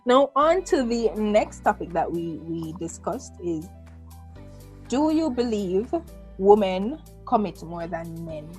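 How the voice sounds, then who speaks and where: A woman co-hosting a casual panel discussion, talking in a lively, playful and emphatic way. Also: mid-range voice, slow, faint music behind. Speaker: co-host.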